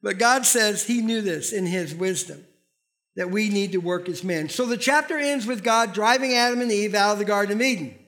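A man's voice: high-pitched, moderate pace, fairly bright tone. A man in his fifties preaching a sermon as a pastor, emphatic and conversational, with frequent rhetorical questions to the congregation.

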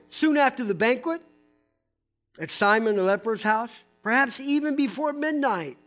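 High-voiced, animated male preacher. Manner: animated, emphatic, with casual asides to the congregation. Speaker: pastor. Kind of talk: sermon.

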